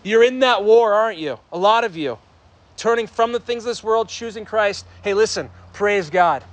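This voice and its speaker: A young adult man preaching a sermon to a congregation in a church, projecting his voice loudly to reach the back of the room. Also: sits high, normal speed, no echo. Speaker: pastor.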